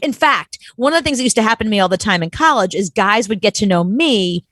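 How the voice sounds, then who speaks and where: A young adult woman co-hosting a casual talk show, chatting in an animated way and acting out quotes. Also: medium pitch, dry recording. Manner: animated, quick to act out quotes. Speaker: co-host. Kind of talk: casual chat.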